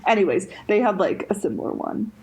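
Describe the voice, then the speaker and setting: A woman's voice: mid-range voice, lively intonation, a little fast, over a noisy crowd, low-quality recording. A young woman co-hosting a podcast in casual chat, rambling with lots of fillers and restarts. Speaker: podcast co-host.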